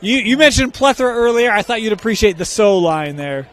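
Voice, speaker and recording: High-voiced man calling football plays. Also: expressive. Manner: brisk play calls, bantering with co-host. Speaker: play-by-play announcer. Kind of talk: live football commentary. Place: stadium press box.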